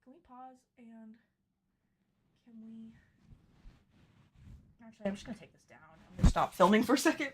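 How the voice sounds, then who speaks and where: Woman, cosplay pattern maker, animated pitch, nervous, chatty, self-deprecating. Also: normal speed, pauses often, a little hiss or hum. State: nervous on camera. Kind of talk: casual livestream chat while filming.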